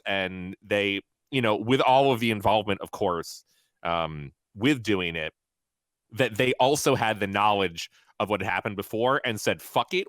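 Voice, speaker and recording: A man speaking as a guest on a stream, calm and explanatory. His pitch moves a lot, and the sound is dry with no room echo. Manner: measured, explanatory. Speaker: guest commentator. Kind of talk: casual chat.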